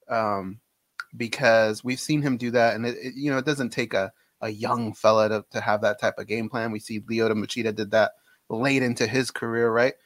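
Relaxed man talking fight sports. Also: mid-range voice, dry recording, studio quality. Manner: relaxed, conversational, many fillers. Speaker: co-host. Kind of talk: casual sports talk. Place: home studio.

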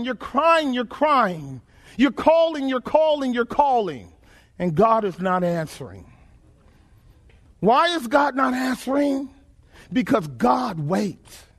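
A man preaching a sermon, asking rhetorical questions, repeating phrases and swinging between shouts and low murmurs.

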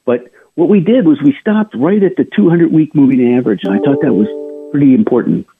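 A man's voice: fairly high pitch, animated, fairly quick, music in the background. A male radio host giving chatty financial market commentary, talking straight to his listeners with frequent restarts and asides. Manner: chatty, addresses listeners directly, many restarts. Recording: narrow phone-like radio sound.

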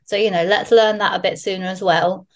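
A woman's voice: medium pitch, a little fast. Woman, podcast guest, candid storyteller, salty language. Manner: candid, swears freely, animated storyteller. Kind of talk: casual podcast chat.

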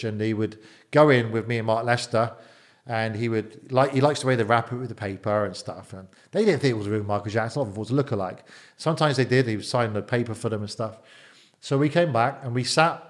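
A middle-aged man, an interview guest and former bodyguard, telling stories in a casual, animated way, often repeating words and quoting others. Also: medium pitch. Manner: animated, repeats words, quotes people in dialogue. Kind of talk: casual storytelling.

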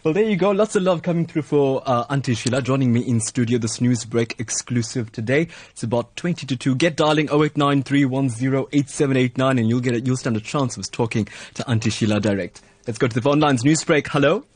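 Male radio host, brisk and upbeat, slightly husky, dry studio mic. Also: mid-range voice, a little mellow, no echo. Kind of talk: live radio phone-in hosting.

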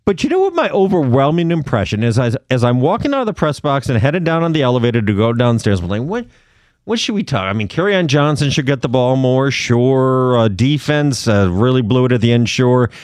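A man co-hosting sports talk radio, telling stories in an animated way. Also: mid-range voice, brisk, few pauses, no room sound, studio quality. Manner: animated, storytelling.

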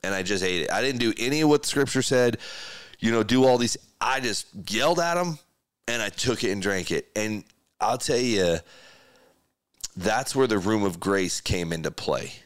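A man's voice: lowish voice, expressive, moderate pace, smooth, dry recording, clean studio sound. A middle-aged man, a podcast host, candidly telling a personal story in an earnest, emotional way, often restarting his sentences.

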